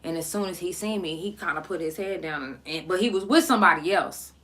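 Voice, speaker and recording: A young woman hosting a podcast, telling a story in blunt, profane, animated casual talk. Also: on the low side, fast. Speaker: podcast host.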